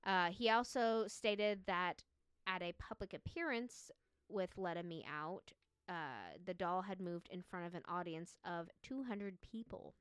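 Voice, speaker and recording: A woman co-hosting a podcast tells a spooky story in a casual, chatty way, laughing easily and using lots of "like." Her voice sits on the low side, unhurried and fairly bright. The studio-quality sound is smooth, with no echo.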